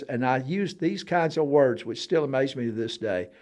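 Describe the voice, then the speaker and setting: A man telling a personal story in casual conversation, dropping to a hush and then booming out sound effects, laughing often. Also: brisk, few pauses. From Alabama. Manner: animated, swings from hushed to loud for sound effects, laughs often. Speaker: storyteller guest on a talk show.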